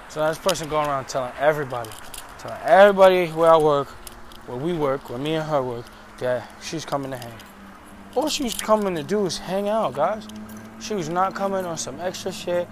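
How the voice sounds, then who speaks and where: A young male vlogger with a slightly high voice vents about his week outdoors, in and around a car. He's slangy, frank and animated, and the audio carries a little hiss or hum.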